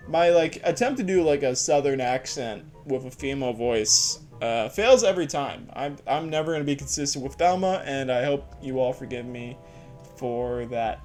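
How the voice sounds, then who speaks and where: A man's voice: medium pitch, lively intonation, normal speed, a little mellow, soft background music. Rambling, self-mocking let's play man. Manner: rambling, laughs at himself, lots of fillers. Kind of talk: casual gameplay commentary.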